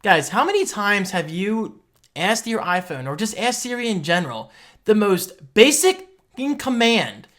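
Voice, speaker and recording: A young man talking casually in a tech reaction vlog, excitable and quick to get loud and heated. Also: high-pitched. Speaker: tech vlogger.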